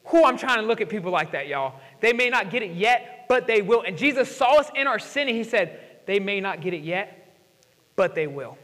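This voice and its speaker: A young male pastor with a high-pitched voice delivers a sermon, peppering it with casual slang and slowing down to read scripture with weight. His voice rings out in a hall with a long reverb. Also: lively intonation, a bit bright.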